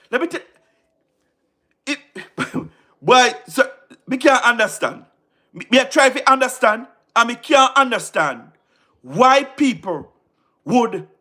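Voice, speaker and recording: Jamaican man, very high voice, sharp and forceful, livestream political commentary, emphatic and repetitive. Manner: emphatic and repetitive, frequent rhetorical questions, laughs between points.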